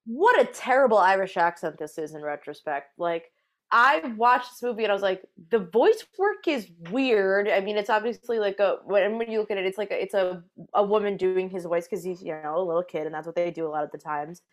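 Woman cohost on a podcast, pretty blunt and critical, mid pitch voice. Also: fairly quick. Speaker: podcast co-host. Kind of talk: casual podcast chat.

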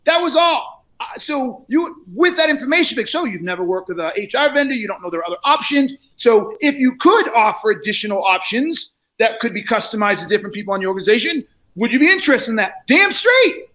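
A man's voice: animated, fast talker. A man coaching a salesperson in a live role-play, blunt and profane, lecturing and often raising his voice. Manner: often shouts, then drops low.

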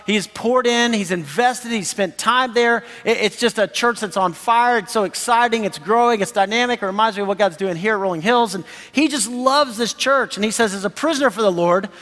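A man in his thirties preaching a sermon as pastor, animated and enthusiastic, laughing often. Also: sits high, a little fast, hardly any pauses. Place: church sanctuary. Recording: long hall reverb.

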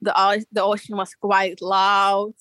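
A woman's voice: mid-range voice, unhurried, no echo, poor audio. A young woman from Belgium telling a surfing story in casual talk, laughing often and acting out what people said. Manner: animated, laughs often, acts out quotes. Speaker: guest surfer.

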